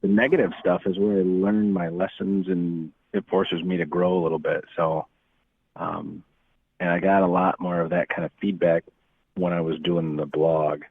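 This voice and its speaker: A man's voice: deep voice, little pitch movement, normal speed, breathy edge, no echo. A man, an author guesting on a podcast, talking in a candid, reflective way. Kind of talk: casual podcast chat. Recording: tinny phone-like line.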